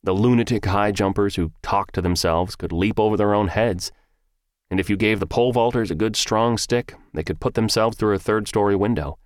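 A man narrating a first-person story in an audiobook, with measured, even storytelling. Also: lowish voice, no echo, studio quality.

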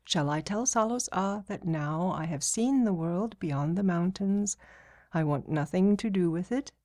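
A woman's voice: on the low side, a little slow, warm tone, close to an everyday voice. A woman doing a serious young woman. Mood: earnest.

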